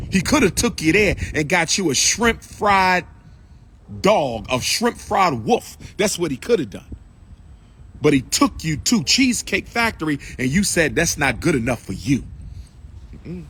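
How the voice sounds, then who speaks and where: The speaker is a man talking to an audience in a preachy, impassioned lecture full of repetition and direct calls to his listeners. His voice runs high with a fairly bright tone, and there's slight background noise.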